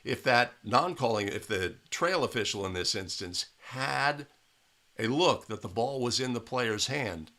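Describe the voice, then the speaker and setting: A man with a bright, forceful voice breaks down a game clip for basketball referees. His tone is emphatic and coaching, and he keeps checking in with "right?" He sits at a desk mic in a small room. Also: mid-range voice, animated, unhurried. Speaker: basketball officiating instructor. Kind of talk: video analysis commentary.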